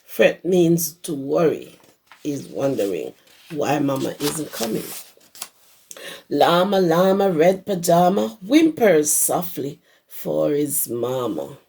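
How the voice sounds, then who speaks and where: A hoarse woman who teaches preschool, reading a picture book aloud to young children and stopping to explain words. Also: low voice, very animated, slow, dark tone. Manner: explains words to small children as she reads. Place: her home.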